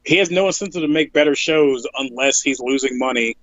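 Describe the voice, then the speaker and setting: A man's voice: mid-range voice, fairly quick, fairly bright tone, no room sound. Guy ranting on a wrestling podcast, blunt, kinda muffled lo-fi sound. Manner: blunt, opinionated, repeats himself when heated. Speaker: podcast co-host. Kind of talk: casual wrestling podcast chat.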